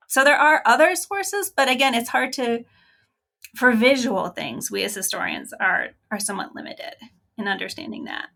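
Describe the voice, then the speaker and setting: A woman's voice: on the high side, vocal fry, fairly bright tone. A woman historian guest answering interview questions in a thoughtful, friendly way, laughing easily.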